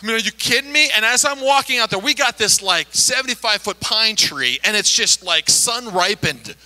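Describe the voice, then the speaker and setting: A middle-aged pastor tells a story to his congregation with plenty of animation. His voice sits high for a man and sounds very bright and forward. He slips into the voices of the people in the story as he goes. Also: normal speed, low-quality recording. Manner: animated, acts out quoted voices. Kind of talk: storytelling sermon.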